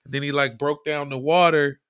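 Hombre animado con voz algo aguda contando una anécdota. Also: male voice, fairly high pitch, a little fast, clear, resonant tone, no room sound, clean studio sound. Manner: animated, swears, mimics people in his story. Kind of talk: casual storytelling.

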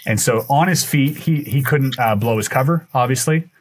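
A man's voice: mid-range voice, normal speed. A man, a podcast guest, telling a long story in casual chat, acting out what people said. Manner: animated, acts out quoted dialogue; loose, with fillers and restarts.

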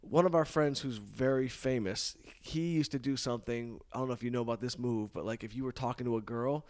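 A man's voice: mid-range voice, fairly quick. A man in his forties hosting a casual chat, telling stories with energy, swearing and slipping into playful voices. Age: 40s. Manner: animated storyteller, swears, slips into playful voices. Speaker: podcast host.

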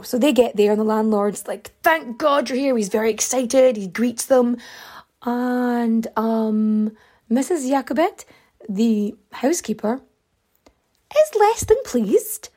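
A woman's voice: fairly high pitch, a little mellow. A woman casually telling a true crime story, rambling with fillers and side remarks. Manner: chatty, rambling, lots of fillers and asides.

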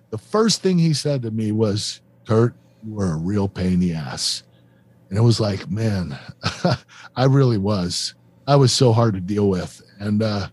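A man's voice: medium pitch, dark tone. A middle-aged man, the host of the show, earnestly telling a confessional story in an interview, with plenty of fillers. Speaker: show host and former wrestler.

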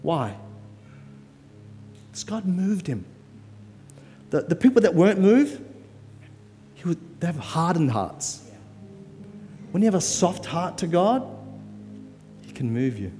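A man delivering a guest sermon in a church, casual and emphatic, often pushing his voice high on key words. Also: very animated, a little slow, long pauses, dark tone. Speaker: guest preacher. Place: church hall. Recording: long church-hall reverb, faint music.

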